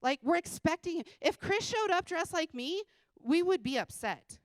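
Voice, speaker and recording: A woman giving an energetic motivational talk on a conference stage, speaking bluntly and casually, swearing freely and laughing often. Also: very high-pitched, moderate pace, no room sound. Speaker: conference speaker and sales coach. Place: conference stage before a live audience.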